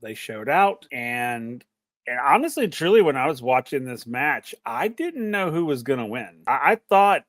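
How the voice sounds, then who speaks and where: A man's voice: mid-range voice, big pitch swings, normal speed, fairly bright tone, dry recording, studio quality. A man co-hosting a casual wrestling review podcast, enthusiastic and agreeable, often restarting his sentences. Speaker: podcast co-host.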